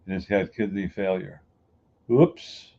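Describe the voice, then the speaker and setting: A man's voice: low voice, fairly even intonation, unhurried, mellow, lo-fi sound. A man giving a folksy, emphatic motivational talk who grew up on the US East Coast. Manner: folksy, emphatic, acts out everyday people. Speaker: inspirational speaker.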